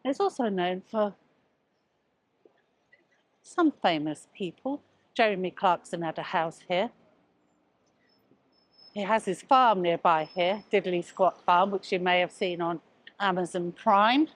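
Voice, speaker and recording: A woman's voice: on the low side, takes it slowly, long pauses, no echo. A woman presenting a walking-tour travel vlog outdoors on a town street, chatty and a little out of breath from walking, pointing things out as she goes. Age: older. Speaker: travel vlogger.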